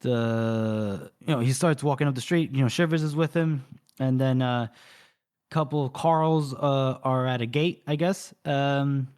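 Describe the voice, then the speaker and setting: A man's voice: medium pitch, fairly even intonation, unhurried, darkish tone, clean tone. A man co-hosting a podcast, casually retelling a book's plot with many fillers and briefly acting out the characters' lines. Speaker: podcast co-host. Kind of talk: casual book recap.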